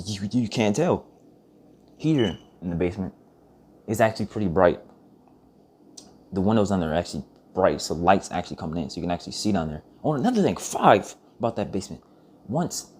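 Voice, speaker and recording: A man's voice: on the low side, mellow, a little hiss or hum. A young man telling rambling, profane stories in a casual vlog monologue, often restarting his sentences. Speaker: vlogger.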